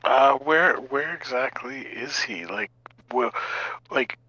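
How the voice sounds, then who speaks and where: A man's voice: mid-range voice, animated, slow pace, sharp tone, no echo, highs cut off. A man playing a tabletop role-playing game, asking hesitant questions with many restarts. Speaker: player. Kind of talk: casual tabletop game chat.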